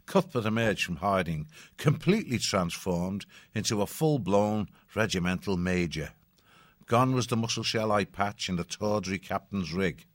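A man narrating an audiobook story in a measured, even storytelling manner. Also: lowish voice, dry recording, studio quality.

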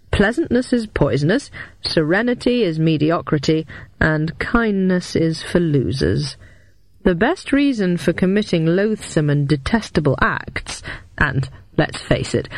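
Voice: mid-range voice, no echo. A narrator voicing a pompous, theatrical male master criminal who savours each wicked word. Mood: gloating. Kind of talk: audiobook character voice.

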